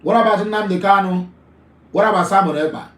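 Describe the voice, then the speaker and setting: A man's voice: sits high, brisk, fairly bright tone, echoey room, poor audio. A Nigerian man hosting a live call-in talk show, emphatic, often repeating his phrases.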